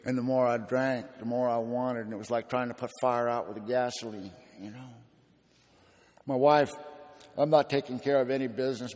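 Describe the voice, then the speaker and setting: A man's voice: medium pitch, a little mellow, big-room sound. A man giving a raw, plainspoken personal testimony as a speaker at a recovery meeting.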